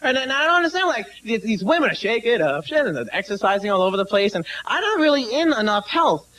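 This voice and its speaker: High, lively man doing rambling stand-up. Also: fast talker, slight background noise. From Brooklyn, New York. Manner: rambling, self-interrupting asides. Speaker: stand-up comedian. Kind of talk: stand-up comedy. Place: comedy club stage.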